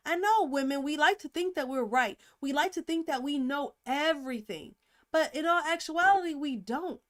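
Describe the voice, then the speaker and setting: A woman hosting a casual relationship advice talk, emphatic and animated, acting out little scenes as she goes. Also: high-pitched. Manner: lively, emphatic, acts out examples. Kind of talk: live-streamed advice talk.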